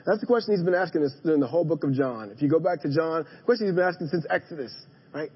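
A male pastor preaching a sermon in a church, moving from hushed emphasis to emphatic calls to his congregation. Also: a little high, lively intonation, fast, slightly rough, highs cut off. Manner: dynamic preaching, drops to a hush then rises to emphatic calls; addresses the congregation directly. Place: church sanctuary.

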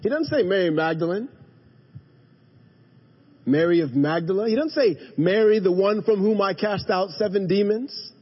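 A male pastor preaching a sermon in a church, moving from hushed emphasis to emphatic calls to his congregation. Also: high voice, animated, moderate pace, long pauses, breathy edge, muffled recording. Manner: dynamic preaching, drops to a hush then rises to emphatic calls; addresses the congregation directly. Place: church sanctuary.

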